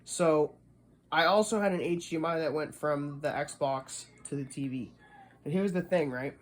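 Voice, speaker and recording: A man's voice: fairly high pitch, normal speed, a little hiss or hum. A man from the Boston area ranting casually, profane and rambling, restarting as he explains. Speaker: streamer.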